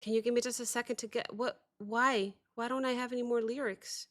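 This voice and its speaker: Bright-voiced excitable woman reacting. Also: fairly high pitch, fairly quick, a little hiss or hum. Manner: excitable, apologetic, thinks aloud. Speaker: reaction video host. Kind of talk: casual reaction commentary.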